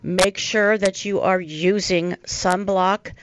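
A woman's voice: medium pitch, fairly even intonation, slow pace, dull audio, slight background noise. A woman co-hosting a radio talk show in a studio, dry and teasing in manner. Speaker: radio co-host.

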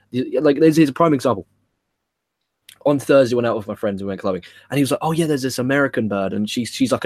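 A young man talks with loose, tumbling energy, swearing as he goes. His voice sits at an ordinary middle pitch, and the sound is dry and close with little room around it. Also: no echo. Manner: animated, rambling, swears freely. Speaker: podcast co-host. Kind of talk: casual wrestling review chat.

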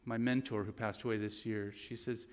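A man's voice: lowish voice, flat delivery, normal speed, long reverb tail. A man giving an earnest, conversational sermon with stories, ending in prayer. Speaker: guest preacher.

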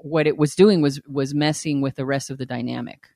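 A woman's voice: very deep voice, fairly even intonation, fairly quick, mellow, dry recording, studio quality. A woman hosting a podcast in casual, candid chat, frank and blunt and often laughing. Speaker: podcast host.

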